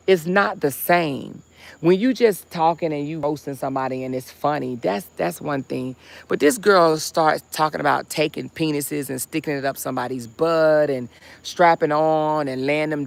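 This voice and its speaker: A woman's voice: low-pitched, gravelly. A woman hosting a casual livestream, talking bluntly and heatedly with chatty asides. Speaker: livestream host.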